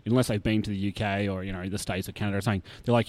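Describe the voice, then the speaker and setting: A man with an Australian accent, chatting as a podcast guest, lively with lots of fillers and laughs. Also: fairly low pitch, racing, no echo. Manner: chatty and animated, many fillers, laughs often. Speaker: guest, brewery tour operator. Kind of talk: casual podcast interview.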